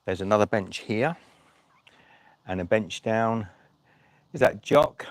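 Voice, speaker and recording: This man's fairly low voice is expressive and slow, recorded dry on the phone he holds while live-streaming from an outdoor rest stop. A cycle-touring vlogger, he keeps up jokey, rambling casual chat full of restarts.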